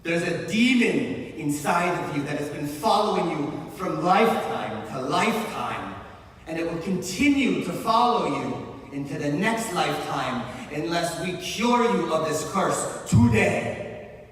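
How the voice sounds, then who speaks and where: A man doing a stern older priestess who speaks in a high, loud, heavily accented voice and makes every line sound like a prophecy. She sounds roomy and distant, echoing through a large hall from far off the mic, with faint ambience behind her. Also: lively intonation, a little slow. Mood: ominous. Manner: grand, solemn pronouncements. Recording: echoey hall, heard from afar.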